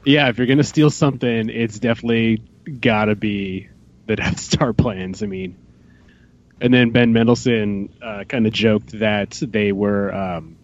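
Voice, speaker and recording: A man hosting a fan podcast, chatting casually and excitedly with rambling asides. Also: fairly low pitch, unhurried. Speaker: podcast host. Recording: dull lo-fi podcast mic.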